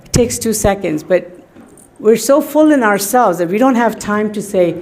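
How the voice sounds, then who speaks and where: A woman's voice: medium pitch, lively intonation, normal speed, darkish tone. A middle-aged woman sharing personal stories in a tribute to her teacher, in a chatty, anecdotal way with many fillers. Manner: chatty storytelling, often laughing, many fillers.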